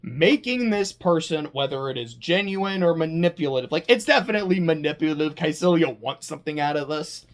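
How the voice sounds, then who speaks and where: An anime reviewer talking casually, animated and profane, with stammering restarts. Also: mid-range voice, fairly quick, hardly any pauses. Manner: animated, swearing, stammering restarts, laughing asides. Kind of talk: casual chat.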